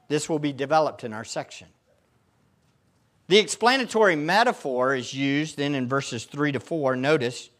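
A man preaching in church with a high, lively voice that climbs and falls widely. He presses his points hard and keeps throwing questions out to the congregation. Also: normal speed. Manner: emphatic, asks the congregation rhetorical questions. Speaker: pastor. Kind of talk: sermon.

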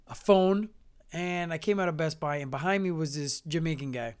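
Smooth-voiced animated man telling stories. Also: a little high. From Canada. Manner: animated, acts out quotes, laughs often. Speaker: vlogger. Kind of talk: casual storytelling.

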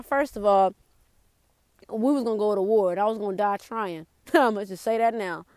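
A young adult woman hosting a podcast, giving a blunt, profane motivational talk in an animated way. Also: on the high side, quick pace, no echo, studio quality. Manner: blunt, profane, animated, with mocking put-on whines. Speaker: podcast host.

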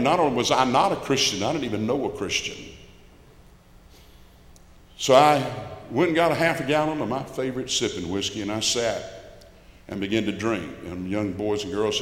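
Older man, folksy emphatic testimony, echoey hall, long reverb. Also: medium pitch. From Albany, Georgia. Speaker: church musician giving testimony. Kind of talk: personal testimony to a congregation.

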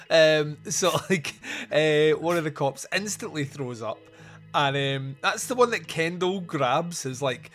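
A man's voice: on the high side, a little slow, a bit bright, faint music behind. A man hosting a podcast, casually recapping film scenes with frequent laughs and quoted lines. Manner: recounts scenes, laughing, quoting characters. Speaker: podcast host. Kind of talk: casual movie review chat.

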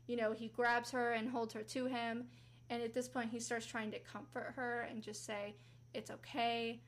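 A woman's voice: flat delivery, normal speed, slight background noise. A woman hosting a casual true-crime podcast, retelling the story in a chatty way and acting out quotes. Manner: chatty, acts out quotes with rising pitch. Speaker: podcast host.

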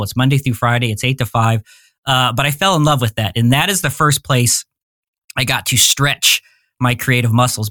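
A man's voice: medium pitch, fairly bright tone, dry recording, clean studio sound. Candid rambling man in his forties. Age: 40s. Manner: rambling, candid, often searches for words. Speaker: podcast guest. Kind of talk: casual interview storytelling.

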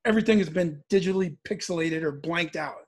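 A man from the US Midwest telling a personal story in casual speech, animated and acting out the voices as he goes. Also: a little high, fast talker, husky.

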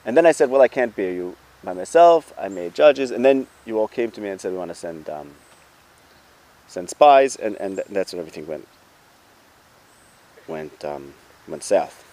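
A man's voice: on the low side, animated, moderate pace, pauses often, mellow. A man giving an informal Torah lesson, talking things through conversationally with rhetorical questions and restarts. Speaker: Torah teacher.

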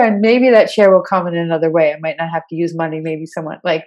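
Podcast host, woman, slightly low voice, chatty and eager, casual talk. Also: little pitch movement, brisk, darkish tone. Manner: chatty and enthusiastic, with many fillers like "like". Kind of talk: casual conversational interview.

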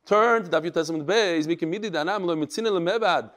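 A man giving a Talmud class lecture, explaining quickly and acting out the people he quotes. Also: high voice. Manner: animated, acts out quoted speakers. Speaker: Talmud teacher.

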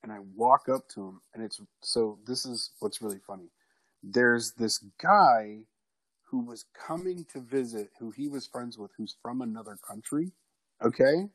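A man telling a personal story in a casual, animated way, swearing freely. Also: medium pitch, unhurried, dry recording, rough recording. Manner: animated, profane, acts out quoted people loudly.

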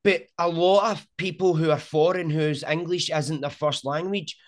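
A middle-aged man with a broad Scottish accent talks in a relaxed interview. He tells stories with lots of energy and keeps checking in with "do you know what I mean." His voice sits a little higher than most men's. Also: normal speed. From Scotland. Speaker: sumo content creator. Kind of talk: casual interview chat.

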